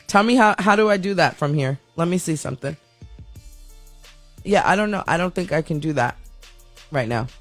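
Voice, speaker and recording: A man's voice: on the high side, lively intonation, normal speed, pauses often, faint music behind. A man hosting a live radio-style show, chatting casually and rambling while reading the viewer chat aloud.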